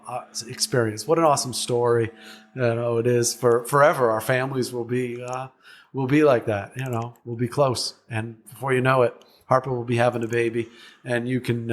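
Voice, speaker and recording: A man hosting a podcast in casual interview talk, rambling and restarting his sentences often. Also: mid-range voice. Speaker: podcast host.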